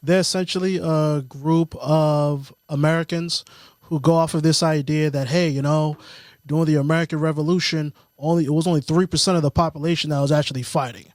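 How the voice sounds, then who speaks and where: A man's voice: on the high side, fairly even intonation, a little fast, a little mellow, no echo, studio quality, lightly acted. A man putting on a folksy Southern American voice, a drawling, explaining everyman.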